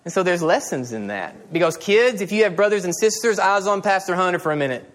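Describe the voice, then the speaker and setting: A middle-aged man preaching a sermon as a pastor, animated and telling stories with quoted dialogue. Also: high-pitched, brisk.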